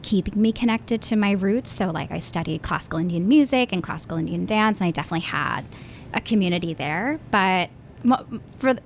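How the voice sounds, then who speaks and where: A woman's voice: on the low side, gravelly, a little hiss or hum. A woman from Pennsylvania, a musical theater actress, talking casually as an interview guest, thoughtful and full of restarts. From Pennsylvania, USA. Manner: thoughtful, with many fillers and restarts.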